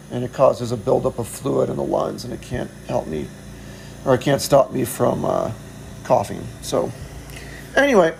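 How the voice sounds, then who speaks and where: Gravelly man telling stories. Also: medium pitch, a little mellow, a little hiss or hum, poor audio. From United States. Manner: chuckling, self-deprecating, rambling. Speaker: vlogger. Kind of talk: casual storytelling.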